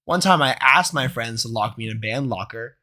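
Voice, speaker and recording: A young man co-hosting a podcast, telling school stories in a casual, animated way and slipping into silly voices. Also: medium pitch, a little fast. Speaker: podcast co-host. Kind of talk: casual chat.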